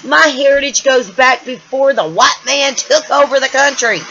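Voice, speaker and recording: A woman's voice: sits high, moderate pace, bright, forceful tone, highs cut off, slight background noise. Angry, stumbling American woman venting on a vlog. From United States. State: a little loopy. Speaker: vlogger. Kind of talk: emotional personal vlog rant. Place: home room.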